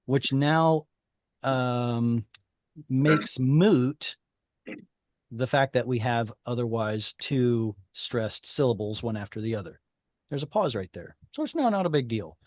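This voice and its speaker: Male teacher, mid-pitched, patient, explains one step at a time and quizzes the class, dry close sound on a video call. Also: expressive, slow, darkish tone, no echo. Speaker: Hebrew teacher.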